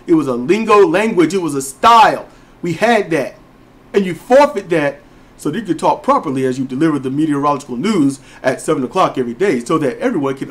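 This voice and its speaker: A man co-hosting a podcast, ranting and telling stories in an emphatic way. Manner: emphatic, storytelling, lively pitch swings. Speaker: podcast co-host. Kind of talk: casual ranting commentary.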